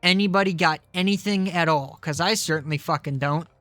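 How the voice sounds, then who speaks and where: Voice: mid-range voice, a little fast, fairly bright tone, no room sound, soft background music. A game streamer chatting casually with viewers, swearing often and rambling in a self-deprecating way. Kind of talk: casual live-stream chat while gaming.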